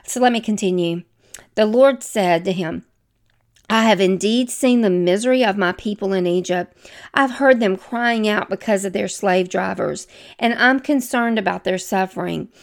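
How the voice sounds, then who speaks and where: A woman's voice: mid-range voice, normal speed, gravelly. A woman from the American South with a Southern accent, teaching from the Bible in a conversational way and turning to her listeners with chatty, self-deprecating asides.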